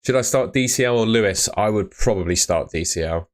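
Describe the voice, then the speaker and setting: A young man hosts a live stream in a very low voice. He reads out viewers' questions and answers them bluntly, tacking "mate" onto nearly every reply. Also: brisk. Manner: chatty, blunt advice, often ends with "mate". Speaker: fantasy football streamer. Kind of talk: casual live-stream chat.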